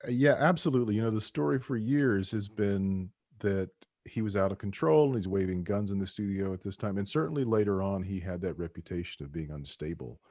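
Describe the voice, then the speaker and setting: A man's voice: lowish voice, lively intonation, brisk, few pauses, darkish tone, dry recording, studio quality. A man who co-wrote a book, talking about it casually on a podcast with many restarts. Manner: rambling, with many restarts and "you know". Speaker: book co-author and guest.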